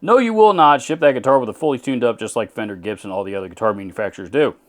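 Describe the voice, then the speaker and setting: A man's voice: on the low side, very fast. A man from Texas hosting a channel, answering viewer comments in blunt, sarcastic casual commentary with many restarts.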